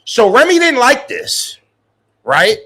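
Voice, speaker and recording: A man's voice: very high voice, very animated, takes it slowly, sharp tone, breathy edge. A young man live-streaming, chatting casually with his viewers in slangy, profane talk and laughing often.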